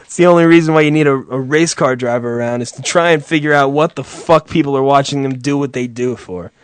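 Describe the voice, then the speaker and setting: A man's voice: mid-range voice, quick pace, few pauses, clean tone, no room sound. A man hosting a crude, comedic live chat, profane and sardonic, laughing often.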